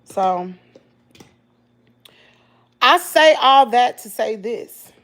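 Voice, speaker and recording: A middle-aged Southern vlogger tells her viewers about hard times in a casual, emotional, animated way, calling them "y'all." Her voice is on the high side, and she draws out her words.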